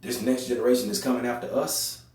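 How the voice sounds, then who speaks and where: A young man speaking African American Vernacular English gives a heated, preachy monologue, repeating phrases and swinging between loud and quiet. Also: medium pitch, fairly even intonation, quick pace. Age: young adult. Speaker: podcast host. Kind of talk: impassioned monologue. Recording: very echoey room, voice far from mic.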